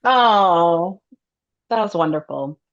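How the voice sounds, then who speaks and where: A woman who directs and produces children's television, chatting as an interview guest in a chatty, animated way with many fillers. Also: lowish voice, slow, lo-fi sound. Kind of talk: casual interview chat.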